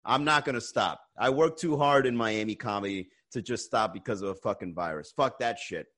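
A man with a lowish, fairly bright voice hosts a live-streamed comedy podcast at a brisk pace. He chats loosely and reads viewer comments, swearing and ranting between bouts of laughter.

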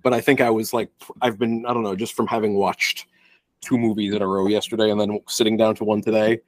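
A man's voice: fairly low pitch, flat delivery, brisk, dry recording. A young man co-hosting a podcast, chatting casually about a film, rambling and restarting his sentences with the odd profane aside. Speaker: podcast co-host. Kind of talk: casual film review chat.

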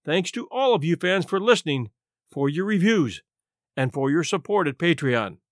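A man's voice: fairly high pitch, big pitch swings, no room sound, studio quality. A man narrating a classic short story as host of a story podcast. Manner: measured storytelling.

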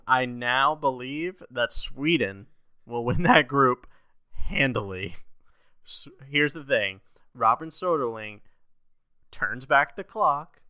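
A man co-hosting a sports podcast in casual chat, animated, laughing often and leaning on "like" as he talks. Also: mid-range voice, clear, resonant tone, dry recording. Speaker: podcast co-host.

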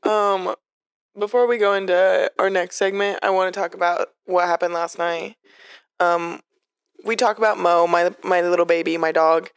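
A woman's voice: fairly low pitch, steady tone, normal speed, clean tone, dry recording, clean studio sound. A young woman co-hosting a podcast, telling stories in casual, swearing chat. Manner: chatty storyteller, swears freely. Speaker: podcast co-host.

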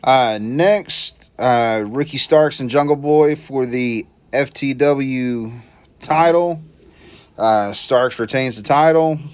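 A man co-hosting a podcast, going through a wrestling card in relaxed casual chat with short replies. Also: mid-range voice, slow pace, clean tone. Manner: laid-back, brief replies, reads out the match list. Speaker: podcast co-host.

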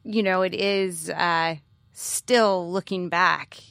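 A woman's voice: on the low side, fairly even intonation, slow, fairly bright tone, dry recording, clean studio sound. A woman interviewing a guest, asking open questions in a conversational way. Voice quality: gravelly.

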